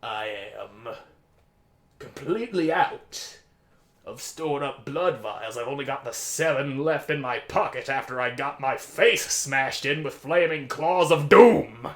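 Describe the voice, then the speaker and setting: A man's voice: medium pitch, expressive, slow, fairly bright tone. A man commentating his own gameplay, trash-talking enemies with goofy, profane banter. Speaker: let's play host.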